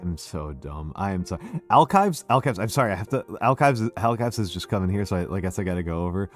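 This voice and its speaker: A man's voice: low voice, animated, quick pace, faint music behind. An older American man hosting a casual, tipsy drinking stream, rambling and self-deprecating, swearing freely. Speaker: streamer host.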